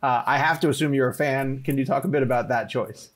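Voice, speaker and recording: A man's voice: medium pitch, fairly even intonation, quick pace. Laid-back male podcast host. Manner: brief reactions, laughs along. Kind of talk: casual interview chat.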